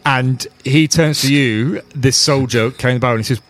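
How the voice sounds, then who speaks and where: A man acting as game master, laying out scenes in a relaxed, descriptive way. His voice sits at a middling pitch, and he now and then stops to restart a phrase. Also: normal speed, no room sound. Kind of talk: narrating a tabletop game.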